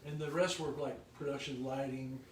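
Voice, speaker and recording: A man telling rambling tour stories in casual chat, slipping into lively quoted voices. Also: mid-range voice, normal speed, far from the mic, a little hiss or hum. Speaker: former touring musician telling road stories. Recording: echoey room, voice from off-mic.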